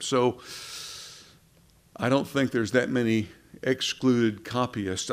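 A man with a gravelly, creaky voice preaches a sermon at a middle pitch. He talks conversationally, asking his listeners rhetorical questions and stopping for asides.

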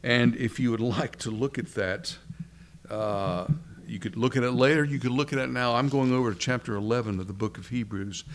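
Man, middle-aged preacher, sermon, deliberate, rhetorical questions, slows for emphasis, mid-pitched voice.

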